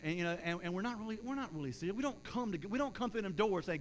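A man preaching a sermon as pastor in a church, rising loud in acted-out prayers and dropping soft for an altar call and prayer. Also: sits high, animated, racing, few pauses, slight background noise, rough recording. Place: church sanctuary.

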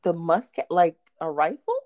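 Speaking at a moderate pace in a fairly low pitch, this podcast co-host shares stories in a casual chat. She brings them to life by acting out quotes, and she laughs often.

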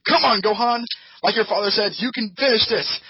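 A man voicing a gleeful male deity who crows and taunts loudly. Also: high voice, very slow, slightly rough, dry recording, dull audio, voice pushed up, full character voice. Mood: triumphant.

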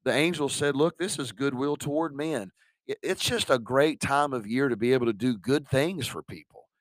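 A man's voice: mid-range voice, normal speed, no room sound. A middle-aged man, a pastor preaching a sermon in a conversational way, asking the congregation questions.

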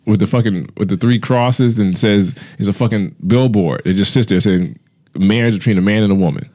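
A man co-hosting a podcast, telling loud, profane comedic stories with put-on voices. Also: lowish voice, a little fast. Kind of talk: casual comedic chat.

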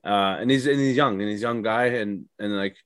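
On a podcast, a young stand-up comedian rambles along with lots of filler words and swearing, keeping things loose and casual. His voice is on the low side, brisk and smooth, with no echo in the recording.

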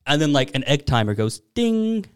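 A young man casually telling a long story in an animated, giggly way with lots of fillers. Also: on the high side, normal speed, clean tone. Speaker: podcast co-host.

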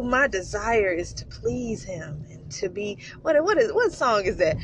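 A woman's voice: mid-range voice, sing-song, unhurried, hardly any pauses, faint music behind. A woman hosting a faith podcast, speaking emotionally and repetitively, often calling out to her listeners. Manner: effusive, repeats herself, calls out to listeners. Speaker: podcast host. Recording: slightly dull podcast audio, faint room noise.

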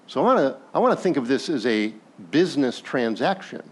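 A male pastor preaching a sermon in a conversational, animated way, asking the congregation questions and briefly acting out characters from the story. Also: mid-range voice, brisk, slightly rough. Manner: animated, acts out biblical characters in passing.

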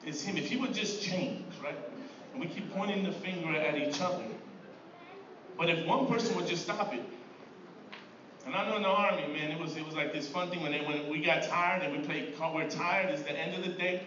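High-voiced man preaching in an echoey church. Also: fairly quick, sharp tone, dull audio. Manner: conversational preaching with many repeated words and rhetorical "right?". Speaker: pastor. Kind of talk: sermon. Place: church sanctuary. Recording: distant echoey room mic with background noise.

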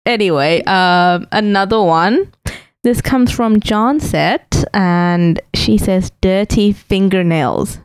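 A woman's voice: medium pitch, clean tone, dry recording. Young female co-host, outspoken and giggly; dry mic. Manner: blunt, quick to disagree, giggly. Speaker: podcast co-host. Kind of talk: casual chat.

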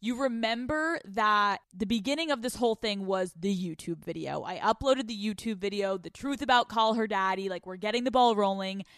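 A young woman hosting a podcast from a couch at home, telling stories in casual, animated chat full of swearing. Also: mid-range voice, normal speed, few pauses, no room sound, studio quality. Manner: animated, profane, storytelling. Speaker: podcast host.

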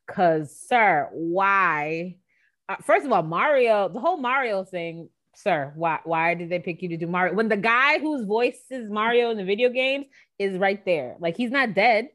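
A woman's voice: mid-range voice, lively intonation, a little slow, a bit bright. A young adult woman co-hosting a podcast, gossiping animatedly with exclamations and many fillers. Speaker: podcast co-host. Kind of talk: casual chat.

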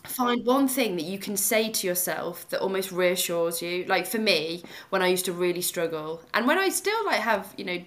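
A woman's voice: lowish voice, big pitch swings, normal speed, hardly any pauses, a bit bright. A woman, a mindfulness teacher chatting casually on a podcast in a reassuring, talkative way.

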